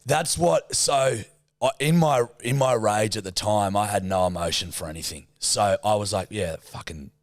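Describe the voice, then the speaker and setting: A man's voice: fairly low pitch, normal speed, no room sound, studio quality. A man with an Australian accent, co-hosting a podcast and telling a story with lots of swearing. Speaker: podcast co-host. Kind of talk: casual chat.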